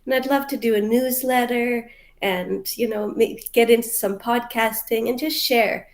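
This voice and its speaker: A woman's voice: a little high, steady tone, measured pace. A woman from Canada, a mental health coach, answering interview questions in a hesitant, heartfelt way full of fillers over a video call.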